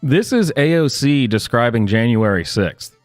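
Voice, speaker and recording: A man's voice: medium pitch, expressive, unhurried, no room sound. A man hosting a reaction show, sarcastically mocking a played clip and chuckling at it, with faint guitar music behind him. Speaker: commentary channel host.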